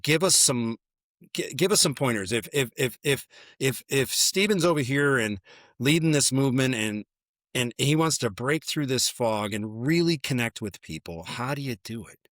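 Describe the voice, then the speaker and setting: Energetic man hosting a podcast. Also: medium pitch, moderate pace, dry recording, studio quality. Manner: energetic, restarts his sentences, swears casually. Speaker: podcast host. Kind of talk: casual interview conversation.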